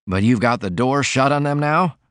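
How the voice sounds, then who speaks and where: A man's voice: mid-range voice, animated, moderate pace, a bit bright, no room sound, clean studio sound, pitched above the performer's own voice, natural voice. A man voicing a sickly, sardonic man with a mocking, cutting way of talking.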